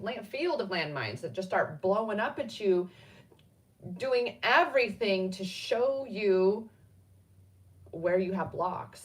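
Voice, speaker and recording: A middle-aged woman hosting a casual card-reading chat, rambling spontaneously with sudden animated bursts. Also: lowish voice, recorded from a distance. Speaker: spiritual card reader and host.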